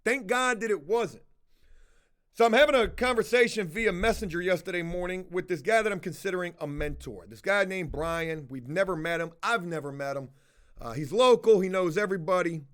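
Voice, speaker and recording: A man's voice: high voice, fairly quick, fairly bright tone. A middle-aged man rambling through a profane story while chatting with viewers on a casual livestream. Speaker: house-flipping livestreamer.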